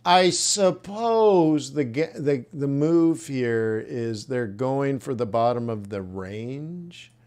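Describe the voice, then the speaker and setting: A man's voice: medium pitch, animated, slow, hardly any pauses, darkish tone. A man coaching traders in a live webinar, thinking aloud and reacting bluntly as he reviews trade plans. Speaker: trading coach. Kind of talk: live trading webinar commentary.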